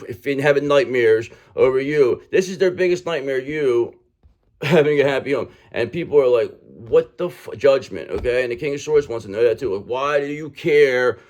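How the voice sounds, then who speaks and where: Man, tarot reader, casual reading, emphatic, swears a lot, keeps saying okay, mid-pitched voice. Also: normal speed, a little mellow. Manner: emphatic, repeats "okay?" constantly, swears freely.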